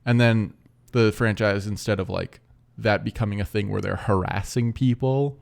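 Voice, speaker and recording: Gravelly, lowish young man podcaster. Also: fairly even intonation, normal speed. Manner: laid-back, drifts into mock quotes. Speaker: podcast co-host. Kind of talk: casual movie podcast chat.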